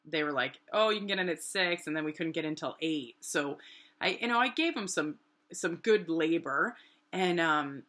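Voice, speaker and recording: A middle-aged woman from New Hampshire, casually telling her own story and acting out what people said. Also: normal speed. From New Hampshire, USA. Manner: animated, acts out quoted voices with big pitch jumps.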